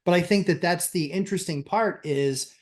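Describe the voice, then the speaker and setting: A man co-hosting a casual podcast, laying out his points step by step. His voice is a bit high for a man. He sounds easygoing and explanatory. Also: normal speed. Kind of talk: casual real estate chat.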